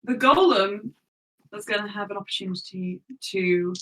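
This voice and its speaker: A woman's voice: mid-range voice, moderate pace, a bit bright, distant mic, poor audio. A woman narrating as game master for a tabletop game, chatty and giggly.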